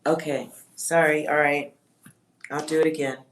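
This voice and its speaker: A woman's voice: deep voice, little pitch movement, normal speed. A woman doing a live-stream psychic reading for her chat, talking in a musing way, reading out words, spelling some of them and swearing offhand. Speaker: livestream psychic reader.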